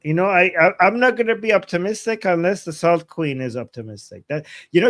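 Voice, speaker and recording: A man co-hosting a casual livestream, playful and quick to laugh as he thanks viewers. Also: sits high. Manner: playful, animated, laughs easily. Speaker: livestream co-host.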